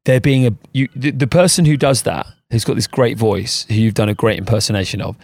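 A man's voice: mid-range voice, a little fast, darkish tone, husky, no room sound. A man co-hosting a podcast, chatting in a rambling, self-mocking way. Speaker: podcast co-host. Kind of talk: casual chat.

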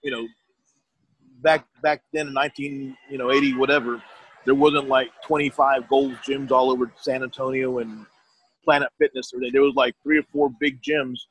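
Rambling man with a husky voice. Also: mid-range voice, flat delivery, moderate pace, a bit bright, rough recording. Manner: rambling, restarts, quotes others. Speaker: guest telling his story. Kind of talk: casual storytelling.

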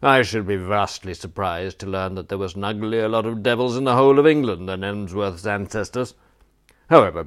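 A man's voice: deep voice, close to an everyday voice. A man playing a peevish, blustering old duke. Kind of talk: audiobook character voice.

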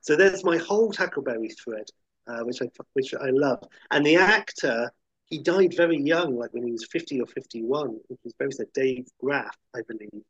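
A man's voice: medium pitch, expressive, normal speed, slightly rough, no echo. A man chatting enthusiastically about films, rambling and acting out quotes. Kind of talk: casual chat about films. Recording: dull lo-fi sound.

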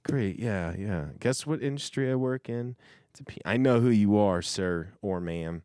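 A man's voice: on the low side, moderate pace, warm tone, clear, resonant tone, dry recording, studio quality. A man in a casual chat, reading messages aloud in a rambling, self-interrupting way and laughing often. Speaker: host reading messages from coworkers.

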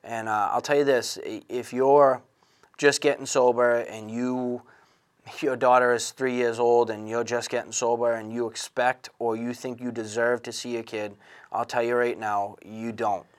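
A man in his thirties telling his own recovery story in an earnest, halting way, with frequent restarts and fillers. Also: mid-range voice, level tone. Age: 30s. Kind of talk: candid personal testimony.

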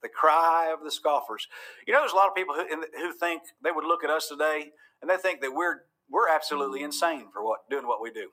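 A man from Georgia, USA, preaches a sermon in a fast, slightly high voice with a sharp tone. He is fervent, turning folksy and joking one moment, then thundering the next.

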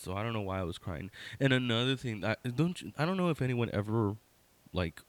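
Middle-aged man, low voice, dry close sound; rambling, wry storyteller, lots of fillers and self-corrections. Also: no room sound. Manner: wry, conversational, addresses listener with "right?". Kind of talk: casual personal storytelling.

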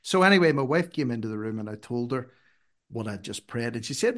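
A middle-aged man, a podcast guest telling stories in an earnest, emphatic way that climbs high when he urges. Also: expressive, a little fast, fairly bright tone. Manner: earnest, emphatic, rises sharply when urging. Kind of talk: conversational storytelling.

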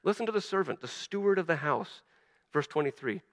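A man preaching a sermon as a pastor, animated, acting out quoted voices, often stumbling and restarting. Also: a little high, brisk, long reverb tail.

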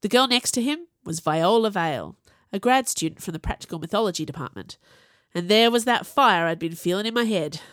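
A woman narrating a first-person fantasy audiobook in a wry, conversational, expressive way. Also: medium pitch, a little fast, dry recording, studio quality.

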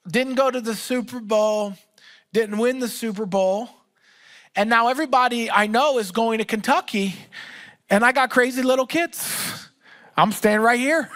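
A male pastor telling a humorous story to his congregation during a sermon, animated and self-mocking. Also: high voice. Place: church with live audience.

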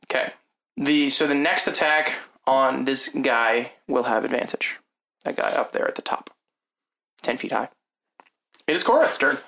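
Gravelly-voiced man running a tabletop game. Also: medium pitch, a little slow, long pauses, sharp tone. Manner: laughs often, vivid storytelling. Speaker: game master. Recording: echoey room with background noise.

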